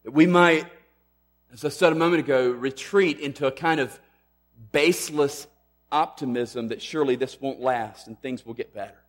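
A man preaching a sermon, emphatic, rising loud on questions and dropping to a hush on key lines. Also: mid-range voice, normal speed. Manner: emphatic, swings between loud and hushed. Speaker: pastor.

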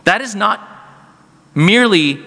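A male pastor delivers a sermon in a notably high, bright voice. He speaks earnestly, often doubling words as he restarts, and the sound carries a long hall echo. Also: animated, slow, vocal fry. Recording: echoey hall.

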